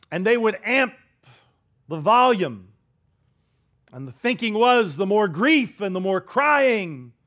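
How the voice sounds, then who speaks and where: Pastor, male, high voice, dramatic storytelling sermon with hushed asides. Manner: dramatic storytelling, drops to a hush for quoted words; leads the congregation in call-and-response.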